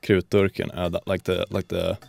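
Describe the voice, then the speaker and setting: Gravelly Swedish-accented man, teasing. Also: low-pitched, monotone, moderate pace, darkish tone, soft background music. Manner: teasing, sarcastic, laughs often. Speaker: co-host. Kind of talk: casual podcast banter.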